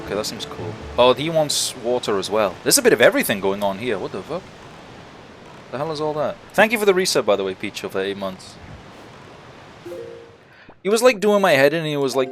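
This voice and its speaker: Animated young male streamer, laughing. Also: mid-range voice, brisk, pauses often, faint music behind. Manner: lively, laughing, swearing storyteller. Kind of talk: casual gaming livestream chat.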